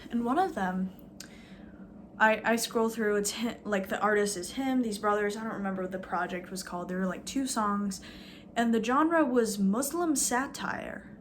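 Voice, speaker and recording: A woman's voice: medium pitch, steady tone, normal speed, a bit bright, a little hiss or hum. A woman vlogging a casual, rambling rant, sarcastic and full of fillers, swearing now and then.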